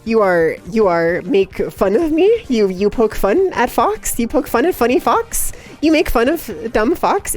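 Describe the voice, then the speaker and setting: A young woman livestreamer in casual chat, giggly and excitable, rambling chaotically to her viewers. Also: high voice. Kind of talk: casual live-stream chat.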